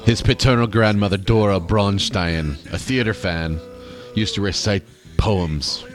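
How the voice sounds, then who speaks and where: Deep-voiced man reading a mock documentary. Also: unhurried, faint music behind. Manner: mock-serious, playfully absurd. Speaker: podcast host. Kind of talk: comedic read-aloud narration.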